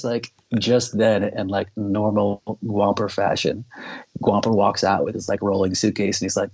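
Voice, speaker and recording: A man with a very low, gravelly voice and a husky edge tells a story as a podcast guest. He rambles loosely, leans on filler words and swears freely. The recording sounds dull and lo-fi. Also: normal speed. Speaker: podcast guest, band member. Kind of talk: casual storytelling.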